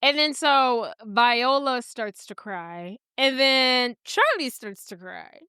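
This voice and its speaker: Woman podcast co-host, fairly high, dry sound, crude jokes, casual chat. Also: animated, slow pace, bright, forceful tone, clear, resonant tone, dry recording. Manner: crude, joking. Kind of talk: casual movie recap chat.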